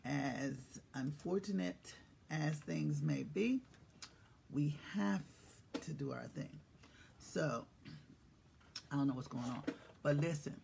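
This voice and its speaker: A host of a casual live-stream show, joking and swearing, who swings from quiet asides to loud shouted greetings. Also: medium pitch, a little slow, gravelly, pauses often, slight background noise. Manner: profane, joking banter.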